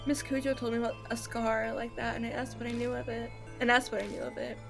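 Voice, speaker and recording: A woman reading the lines of an elderly female spirit medium in a game, measured and composed. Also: a little high, flat delivery, creaky, over music. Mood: calm.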